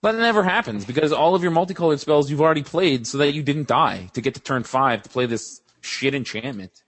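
Pitched fairly high and speaking briskly, a young male podcast co-host spins meandering anecdotes. The conversation is casual, animated and laced with profanity.

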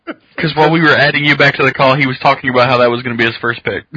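A man's voice: mid-range voice, fairly even intonation, very fast, bright, forceful tone, breathy edge, no room sound. A man co-hosting a podcast, with teasing, cocky banter in casual chat. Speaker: podcast co-host. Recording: dull muffled call audio.

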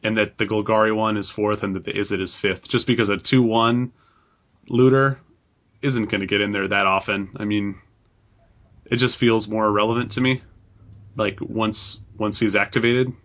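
Podcast co-host, man, lowish voice, bright and forceful, steering the talk, dull sound. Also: fairly even intonation, normal speed. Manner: leads the discussion, reads out card details. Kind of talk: casual chat.

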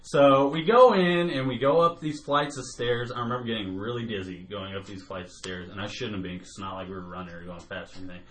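A man's voice: lowish voice, steady tone, quick pace, few pauses, fairly bright tone. A man telling a long story in casual chat, swearing freely and laughing as he goes. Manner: profane, laughs often while telling. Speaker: podcast co-host telling a story.

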